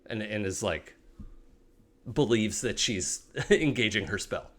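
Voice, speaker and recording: A man's voice: on the low side, slow, pushed and bright. Rambling game master man. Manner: rambling, many fillers and restarts. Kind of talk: narrating a tabletop role-playing game.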